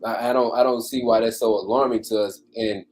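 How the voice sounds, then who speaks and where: A man co-hosting a podcast, speaking in a measured, thoughtful way with hesitant pauses. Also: mid-range voice, steady tone, darkish tone. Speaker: podcast co-host. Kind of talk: casual chat.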